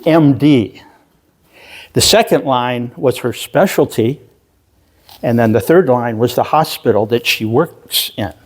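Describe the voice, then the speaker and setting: Slow-talking pastor preaching a sermon. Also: male voice, medium pitch, expressive, slightly rough. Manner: slow, halting storytelling with self-deprecating humor. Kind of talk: sermon with personal story. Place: church sanctuary.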